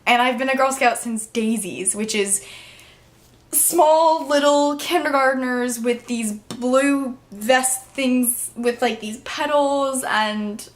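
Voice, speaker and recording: A woman's voice: high-pitched, takes it slowly. Bubbly chatty teenage girl vlogger. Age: teens. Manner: bubbly, chatty, full of "like" fillers. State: emotional, near tears at times. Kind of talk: casual vlog chat.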